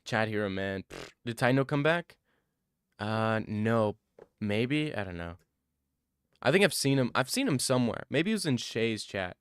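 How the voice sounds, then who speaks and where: A man's voice: mid-range voice, animated, unhurried, clean tone, no room sound, studio quality. A young adult man streaming live, chatting casually and answering his viewers' questions in a laid-back, rambling way. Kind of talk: casual chat reading live chat.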